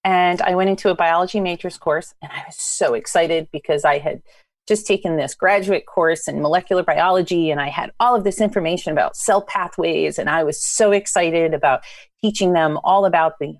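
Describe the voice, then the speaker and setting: A woman in her thirties recounts teaching mishaps with lively energy. Her voice sits on the lower side, recorded dry and close. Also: fairly quick, no room sound. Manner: animated, acts out past dialogue. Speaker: biology instructor, guest. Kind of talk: storytelling in conversation.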